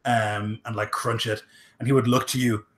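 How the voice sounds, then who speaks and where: Man, game master, rambling narration, mid pitch, filler-heavy. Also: flat delivery, normal speed, slight background noise.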